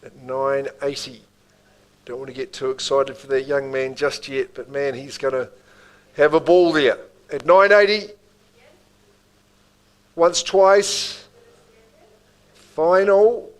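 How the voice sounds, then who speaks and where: A man's voice: mid-range voice, steady tone, slow, pauses often, rough recording. A man with a New Zealand accent calling bids at a live property auction, with rhythmic bid calls and chatty asides to the room.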